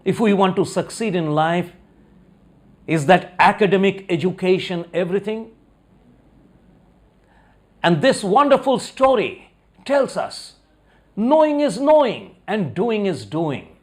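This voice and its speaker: A man's voice: high voice, sing-song, unhurried, long pauses. A man giving a motivational talk, telling a story and putting rhetorical questions to his audience. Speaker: motivational speaker.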